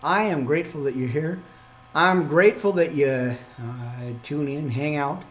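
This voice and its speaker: A slightly high-voiced man, a minister hosting a live online ministry show, winds down with bursts of eager, playful energy. He drops amens and exhortations and jokes to himself between thoughts. A faint hiss sits under the recording. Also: a little slow. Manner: excitable, talks to himself, playful asides. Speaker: minister and podcast host. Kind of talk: live ministry podcast sign-off.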